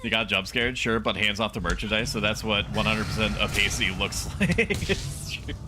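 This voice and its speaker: A young man livestreaming a video game as a VTuber, chatting with viewers and breaking into loud, animated outbursts at the game. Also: on the low side, a little fast, background noise. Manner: animated, yells and laughs at the game. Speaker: VTuber streamer. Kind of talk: gaming livestream commentary.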